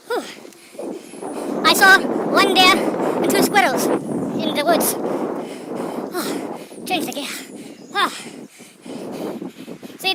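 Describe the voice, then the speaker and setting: A woman puts on a comic Zulu cyclist, huffing and out of breath as he pedals along a country road, and he exclaims in broken English with a thick put-on Zulu-English accent. The voice sits high, and loud wind and road noise roar over an outdoor recording. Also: full character voice. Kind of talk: comic character vlog.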